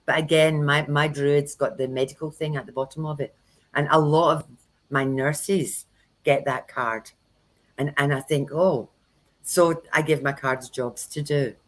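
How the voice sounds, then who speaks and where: Speaking at a measured pace with fairly even intonation, a woman with a low-pitched voice hosts a tarot livestream. She's a tarot reader and workshop host who tells frank anecdotes, acting out quotes. The recording quality is low.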